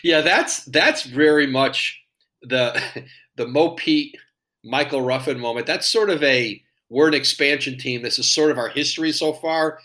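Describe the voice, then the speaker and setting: A man's voice: medium pitch, unhurried, sharp tone. A man hosting a casual conversation, friendly, laughing along and asking questions. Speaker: podcast host. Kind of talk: casual chat.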